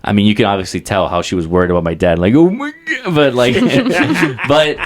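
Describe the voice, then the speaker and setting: A man in his twenties co-hosting a podcast, telling stories in a casual, profane and animated way. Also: fairly low pitch, fairly quick, a crowd in the background. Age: 20s. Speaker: podcast co-host. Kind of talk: casual chat.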